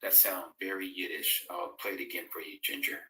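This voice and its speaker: A man's voice: low-pitched, fairly even intonation, brisk, bright, forceful tone, far from the mic, slight background noise. A man hosting a live-streamed Bible fellowship, chatting casually, reading out and answering viewers' comments, and reading scripture aloud. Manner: reads out viewers' comments and answers them conversationally. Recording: echoey room, voice away from the mic.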